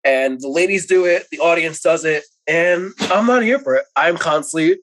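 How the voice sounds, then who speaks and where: A man hosting a casual podcast chat, animated and opinionated, often repeating himself for emphasis. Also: on the high side, normal speed, poor audio. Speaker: podcast host.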